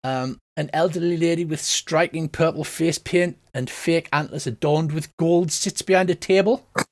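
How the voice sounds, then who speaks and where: Rambling game master. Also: male voice, a little high, normal speed. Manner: loose, rambling narration with many fillers. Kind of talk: narrating a tabletop game.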